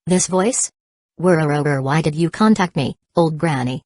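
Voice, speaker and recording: A woman's synthetic voice voicing a quick-tempered, threatening male pirate emperor in a storybook reading. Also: sits low, a little mellow, no room sound, clean studio sound. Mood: angry scornful.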